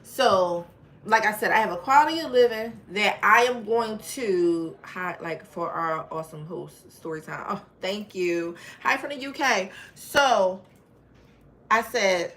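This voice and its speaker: A woman's voice: mid-range voice, expressive, a little slow, a bit bright. A woman hosting a storytime livestream. She tells her story in an emphatic, frank way and talks straight to her viewers. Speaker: channel host.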